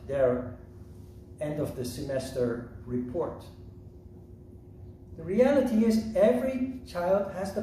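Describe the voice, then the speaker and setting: A man teaching a yoga lesson in a slow, measured, reflective way. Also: on the high side, mellow, a little hiss or hum. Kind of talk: lecture. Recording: roomy echo from a distant mic.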